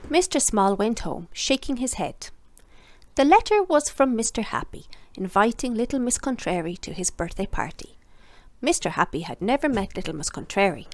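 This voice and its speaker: A woman reading a children's picture book aloud, expressive and dropping softly at the story tags. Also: mid-range voice, no echo. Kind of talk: storybook narration for kids.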